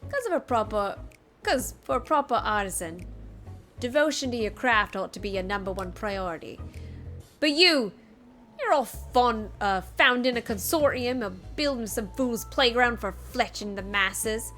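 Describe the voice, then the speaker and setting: A woman voicing a gruff, hard-drinking male blacksmith in a fan voice-over of a game cutscene, with a coarse put-on pirate-style brogue. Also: a little high, lively intonation, a little slow, a bit bright, faint music behind. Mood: scornful.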